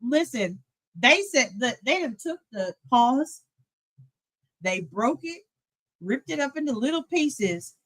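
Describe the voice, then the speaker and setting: A woman streamer giving casual reaction commentary on a clip, animated, laughing and talking back to it. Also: sits high, takes it slowly, long pauses.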